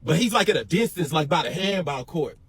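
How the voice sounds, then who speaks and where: A man's voice: on the high side, expressive, brisk, a bit bright, slightly rough, dry recording. Profane man telling a prison story. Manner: profane, emphatic, repetitive. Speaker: storyteller in a reacted clip. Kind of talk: emotional storytelling.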